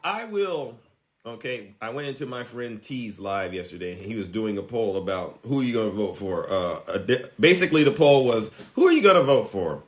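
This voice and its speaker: A man's voice: lowish voice, very animated, normal speed. A man giving a political monologue to his followers, emphatic and taunting, often tagging his points with a question. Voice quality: emphatic, repeats "all right?" as a tag. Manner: preachy, taunting. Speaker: social media commentator.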